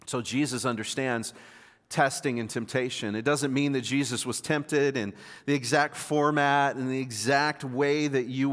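A male preacher gives a conversational sermon, stumbling over and repeating words as he keeps checking in with the congregation. His voice sits at an ordinary middle pitch. It carries a long reverb, as if it were recorded in a large church hall. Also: a bit bright.

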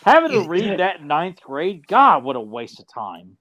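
A man's voice: sits high, huge pitch swings, moderate pace, bright, forceful tone, no room sound, muffled recording. A man co-hosting a casual podcast, ranting sarcastically. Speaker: podcast co-host. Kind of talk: casual chat.

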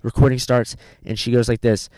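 A man's voice: medium pitch, level tone, brisk, dark tone, no room sound, clean studio sound. A young man swapping crude stories in a casual podcast chat, mimicking people along the way. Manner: profane storytelling, mimics people in a raised voice.

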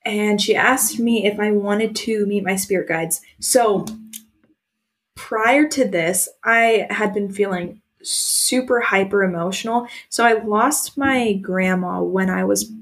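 A woman's voice: mid-range voice, slow pace. A young woman co-hosting a podcast, candidly telling a personal story in casual chat. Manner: candid, emotional storytelling with frequent "like" fillers. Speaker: podcast co-host.

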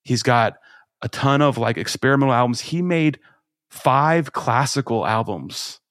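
A man co-hosting a podcast, talking in a rambling, excited way with many restarts, swearing and laughing. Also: mid-range voice, unhurried, no room sound, studio quality. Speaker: podcast co-host. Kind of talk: casual chat.

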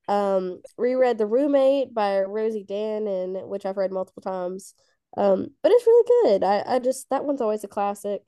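A woman's voice: medium pitch, dark tone, clear, resonant tone, no room sound, clean studio sound. A woman co-hosting a podcast in casual chat, rambling and searching for words as she talks. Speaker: podcast co-host.

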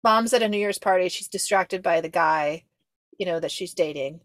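A woman's voice: fairly low pitch, dry recording. Chatty young woman, dry close sound. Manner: chatty, lots of "like", quick asides and laughs. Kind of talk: casual chat.

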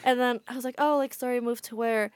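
A woman's voice: a little high, steady tone, fast, smooth, dry recording. A woman guest on a podcast, telling a travel story in a chatty way with a lot of "like" fillers. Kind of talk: casual storytelling.

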